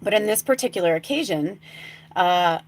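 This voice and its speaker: A woman hosting a live spiritual talk show, telling a rambling story full of fillers and restarts, going from hushed soft tones to excited exclamations. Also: medium pitch, normal speed. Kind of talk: casual live-stream monologue.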